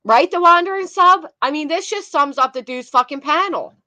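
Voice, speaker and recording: A woman's voice: sits high, moderate pace, bright, forceful tone, dry recording. A woman hosting casual commentary on video clips, blunt and swearing, talking to her chat between clips. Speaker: commentary host.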